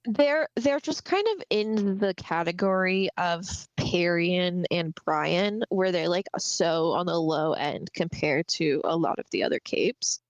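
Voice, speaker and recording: Woman co-host with a low, dry voice. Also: a little slow, hardly any pauses, dry recording, dull audio. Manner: chatty, giggly, recaps chapters with many fillers. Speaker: podcast co-host. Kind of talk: casual livestream discussion.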